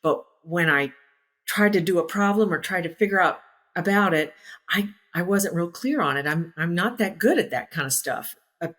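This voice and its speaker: Woman, 60s, former pilot, lowish voice, casual anecdotes, acts out quotes, laughs easily. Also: normal speed, fairly bright tone. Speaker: former naval aviator, interview guest.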